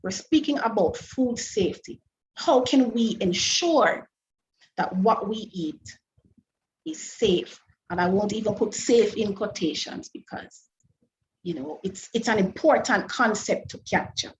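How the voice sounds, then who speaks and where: A medium-pitched, animated woman delivers a food safety lecture online through a webinar microphone, and the audio is poor with slight background noise. Her explanations are careful and deliberate, full of rhetorical questions for the audience and frequent restarts.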